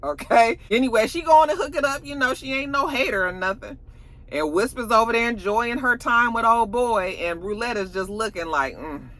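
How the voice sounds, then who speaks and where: A woman reviewer talks through a TV episode in a loose, slangy chat. Her tone is bright and forward. She slips into quick character voices for the lines she retells. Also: fairly high pitch. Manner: chatty, slangy, acts out quoted lines. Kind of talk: casual recap review.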